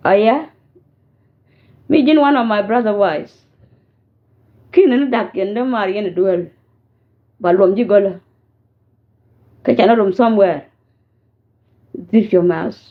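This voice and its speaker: A woman from South Sudan giving a scolding message direct to camera, mixing languages and warning her listener. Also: medium pitch. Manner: scolding, warning, code-switching. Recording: tinny phone-like audio.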